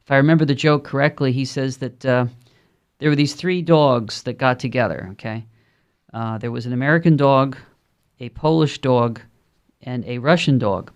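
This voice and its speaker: A Brooklyn, New York man hosts a call-in radio talk show with a Brooklyn accent, rambling conversationally and peppering his speech with ums and uhs. His voice is smooth and medium-pitched at a normal speed.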